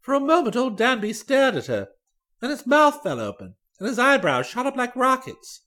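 A storybook reader tells a comic tale as a dry, amused young gentleman. The pitch moves very widely from line to line. The delivery stays wry and conversational. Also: huge pitch swings, normal speed. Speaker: audiobook reader. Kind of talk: storybook narration.

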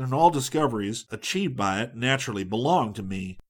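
A man reading a humorous travel story aloud in a measured, dry, wry storytelling manner. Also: lowish voice. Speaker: audiobook narrator. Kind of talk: scripted narration.

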